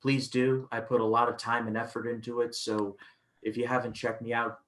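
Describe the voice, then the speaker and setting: A man's voice: mid-range voice, flat delivery, a little fast, fairly bright tone. A man co-hosting a film review podcast, chatting casually and stumbling through restarts as he retells scenes.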